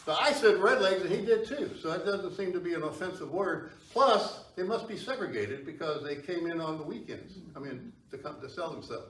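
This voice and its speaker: A man gives a public history talk, chatting loosely and putting questions to the audience. His voice sits a little high. It is picked up from a distance in an echoey hall, with faint noise underneath. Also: animated, a little fast, hardly any pauses, fairly bright tone. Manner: conversational, asks the audience questions. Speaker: history lecturer. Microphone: far tripod camera.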